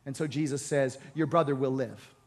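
A man preaching a sermon, retelling a Bible story with voiced lines and building to loud, shouted exhortation. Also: mid-range voice, fairly even intonation, normal speed. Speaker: pastor. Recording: long hall reverb.

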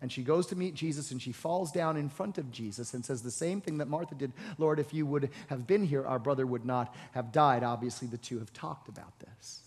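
A man preaching a sermon, retelling a Bible story with voiced lines and building to loud, shouted exhortation. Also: mid-range voice, brisk, few pauses, breathy edge. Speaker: pastor. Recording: long hall reverb.

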